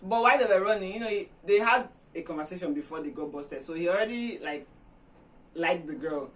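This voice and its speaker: A woman's voice: lowish voice, brisk. Chatty woman retelling a film, slightly distant. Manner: chatty, animated, many fillers. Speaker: vlog host. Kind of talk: casual storytelling retelling a film.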